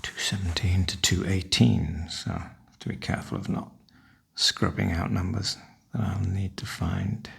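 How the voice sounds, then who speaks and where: An older man, softly half-whispering a wry, chatty ASMR ramble. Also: low-pitched, fairly even intonation, moderate pace, gravelly, husky. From northern UK. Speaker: ASMR host.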